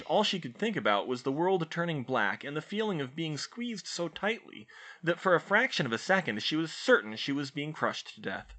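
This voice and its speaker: A man reading fan fiction aloud as an expressive audiobook narrator. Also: fairly high pitch. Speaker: audiobook reader.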